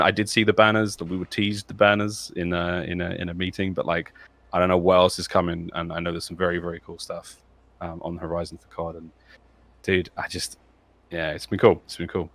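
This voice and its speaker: A man, an esports caster, chatting in an excitable, rambling way with lots of fillers. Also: sits low, no room sound. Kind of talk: casual chat.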